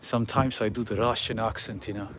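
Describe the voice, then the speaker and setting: Chatty man with a low voice. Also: steady tone, fairly quick, a bit bright, a little hiss or hum. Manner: chatty, talks straight to viewers, chuckles often. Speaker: livestream host. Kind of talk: casual walking livestream chat. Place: city street outdoors at night.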